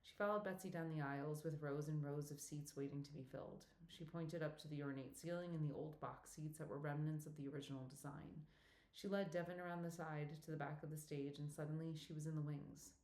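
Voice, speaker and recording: Low-voiced woman reading an audiobook. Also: fairly even intonation, a little fast, a little mellow. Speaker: audiobook narrator. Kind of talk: scripted audiobook narration. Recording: echoey room.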